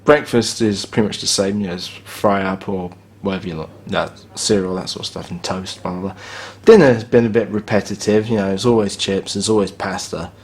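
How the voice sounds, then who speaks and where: A man, filming a casual spoken review of his hotel room and grumbling bluntly about its faults. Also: fairly low pitch.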